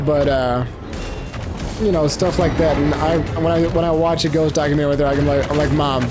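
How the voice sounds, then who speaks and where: Rambling man commenting on gameplay. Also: a little high. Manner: rambling, self-interrupting, searching for words. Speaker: let's play host. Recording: game music playing behind.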